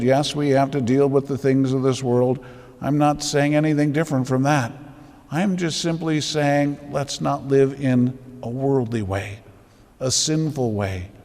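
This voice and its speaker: A priest giving a homily with emphatic rhetorical questions, building to intense exhortation. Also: male voice, fairly high pitch, darkish tone, long reverb tail. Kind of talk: sermon. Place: church.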